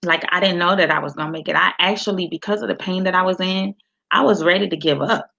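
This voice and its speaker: Speaking fast in a fairly low, creaky voice that sounds pushed and bright, this Miami, Florida woman, a middle-aged motivational speaker and author, delivers a preacherly livestreamed inspirational talk. She quotes scripture and welcomes viewers by name, with the highs missing from the audio.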